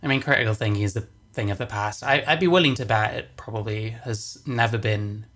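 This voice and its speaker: A man's voice: lowish voice, fairly quick, a bit bright. Furious, profanity-heavy male livestreamer. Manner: profane, exasperated, repeats phrases for emphasis. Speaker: livestreamer reacting to videos. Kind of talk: angry casual livestream rant.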